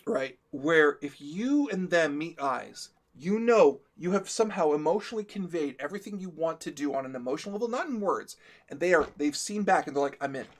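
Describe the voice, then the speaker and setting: A man chats through a story on a live stream, his voice sitting a bit high and swinging widely in pitch. He talks nonstop, laughs as he goes and slips into quoted voices. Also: lively intonation, fairly quick. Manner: talkative, laughs through the telling, acts out the quotes. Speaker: stream co-host. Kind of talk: comic anecdote on a live stream.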